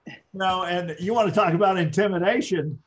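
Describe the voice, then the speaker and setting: A man's voice: sits high, a little fast, poor audio. A man co-hosting a casual live-stream chat, hesitant with many ums and uhs. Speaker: co-host.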